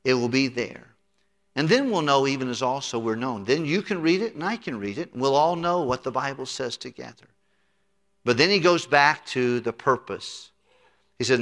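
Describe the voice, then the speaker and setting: Bright-voiced middle-aged pastor preaching. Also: male voice, medium pitch, animated, normal speed. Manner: earnest, repeats words. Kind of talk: expository sermon. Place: church sanctuary. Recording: long church hall reverb.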